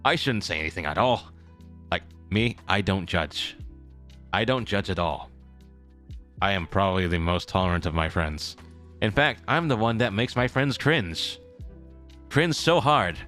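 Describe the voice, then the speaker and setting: Young man, low voice, bright tone, live-stream chatter, restarts and repeats himself. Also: a little slow, long pauses, faint music behind. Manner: rambling, self-correcting, repeats phrases. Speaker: streamer in character as a traveling merchant. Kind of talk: casual live-stream chat to viewers.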